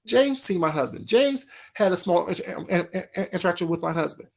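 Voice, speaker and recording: This man hosts a casual livestream, speaking a little fast with vocal fry and lively intonation in a high register. He talks right to his chat, heated and repetitive, circling back to the same phrases.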